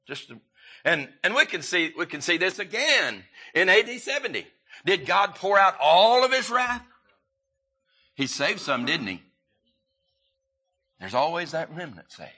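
Male preacher, sermon delivery, halting and repetitive, with a piercing bright tone. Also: high-pitched, big pitch swings, slightly rough. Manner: halting, repeats and restarts, rising for emphasis.

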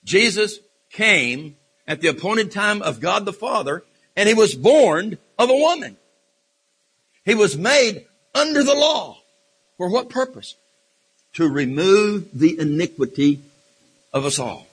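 A man's voice: high-pitched, animated, fairly bright tone, husky. A man preaching a sermon with passion, often stumbling and restarting his phrases. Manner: impassioned, halting with repeated restarts and fillers. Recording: reverberant hall.

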